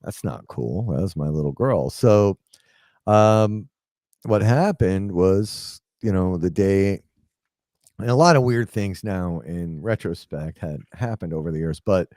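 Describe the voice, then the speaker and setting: A man's voice: deep voice, lively intonation, measured pace, warm tone, no echo, studio quality. A man in his forties telling a personal story in a casual, rambling way, full of fillers, often acting out what people said. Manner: rambling, filler-heavy, drops into quoted dialogue.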